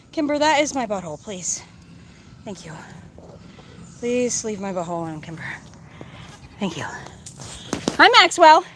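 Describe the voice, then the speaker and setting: Woman farm vlogger, high lively voice, sing-song coaxing, noisy outdoor farmyard. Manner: chatty, coaxing, talks to animals in a sing-song voice. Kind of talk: casual talk to farm animals. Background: goats bleating.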